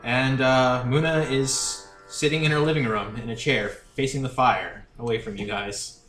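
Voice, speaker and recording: A man's voice: medium pitch, moderate pace, faint music behind. Guy running a tabletop game, laid back, lots of uhs, roomy echo. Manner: relaxed, with fillers and laughs. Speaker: game master.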